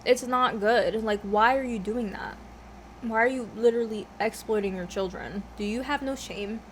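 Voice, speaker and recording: A young woman with a fairly high voice vlogs at home at a moderate pace, chatting casually as she eats in a mukbang. She rambles off topic, swears often, and laughs a lot, with a little hiss or hum in the audio.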